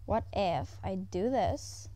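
A woman at home giving casual, excitable commentary as she plays a video game. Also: medium pitch, slow pace. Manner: excitable, exclaiming often, chatting to herself. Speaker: gaming YouTuber. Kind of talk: casual let's-play commentary.

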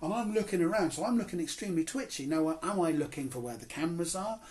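A Cornish comedian and crime writer, appearing as an interview guest, tells an animated, self-mocking story and acts out the quotes. His voice is on the high side, and he speaks at a quick pace.

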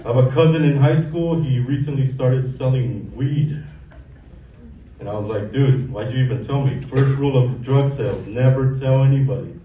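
Recorded from a distance in an echoey comedy club, this thirtysomething Mexican comic speaks at a moderate pace with medium pitch, and the audio comes across dull. His stand-up is casual, deadpan and full of profanity, while the crowd laughs and the room hums around him.

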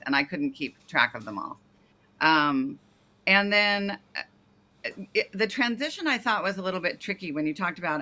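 A woman's voice: low-pitched, bright, forceful tone. A woman coaching a startup founder over a video call, giving detailed feedback and often correcting herself mid-sentence.

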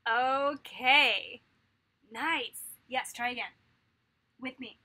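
A woman teaching a vocal warm-up lesson to children, cheerful and encouraging. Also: sits high, slow, pauses often.

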